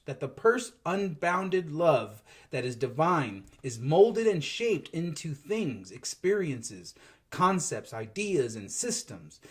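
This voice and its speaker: A co-host of a spiritual gathering who jokes and giggles in chat, then reads a message aloud in a soft, measured way. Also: mid-range voice.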